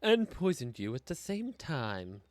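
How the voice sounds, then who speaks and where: A man's voice: medium pitch, huge pitch swings, measured pace, noisy background. A man chatting casually while playing a co-op game, joking in a dry way. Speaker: co-op game player. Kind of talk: casual gaming chat.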